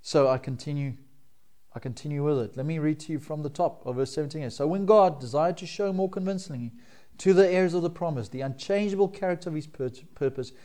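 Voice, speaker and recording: A man's voice: medium pitch, mellow. A middle-aged man, a pastor, preaching a sermon in a conversational way and often checking in with his listeners.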